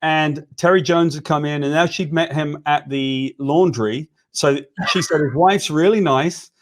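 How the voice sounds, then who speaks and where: A man from Wales chats and trades stories with an old friend. He has a fairly high voice for a man and teases in a lively, bantering way. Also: unhurried. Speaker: co-host. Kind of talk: casual chat, anecdote telling.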